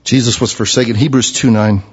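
A man preaching a sermon who swings from low, quiet explanation to loud, impassioned passages. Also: steady tone, a little fast, husky, lo-fi sound. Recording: long hall reverb.

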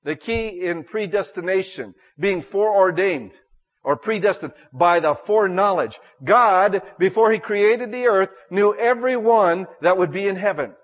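A man's voice: sits high, lively intonation, a little slow, in a large hall, highs cut off. A middle-aged male pastor preaching a sermon in a church, folksy and jokey, acting out little quoted exchanges.

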